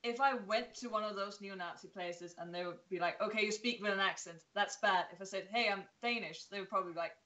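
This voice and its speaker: A woman's voice: mid-range voice, quick pace, few pauses, fairly bright tone, highs cut off. A woman in a casual chat who argues her points earnestly, one at a time.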